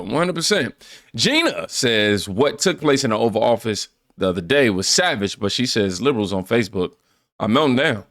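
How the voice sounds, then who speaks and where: A man hosting a reaction channel, reading viewer comments in a relaxed, joking way and stumbling over words now and then. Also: fairly low pitch, no echo, studio quality.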